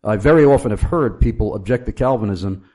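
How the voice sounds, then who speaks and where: Male host, low voice, anecdotal, halting with fillers. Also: warm tone. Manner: storytelling, frequent uh fillers. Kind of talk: theological discussion.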